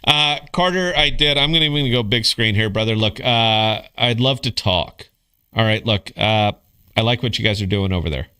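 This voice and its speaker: A man's voice: fairly low pitch, moderate pace, pushed and bright, clean tone. A middle-aged man hosting a casual livestream podcast, laid-back and swearing, calling people bro and dude. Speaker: podcast host.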